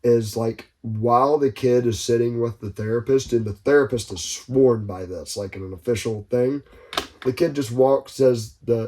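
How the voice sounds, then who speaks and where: A man co-hosting a casual podcast, telling stories loosely with profane asides and loud bursts when he gets going. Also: mid-range voice. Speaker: podcast co-host.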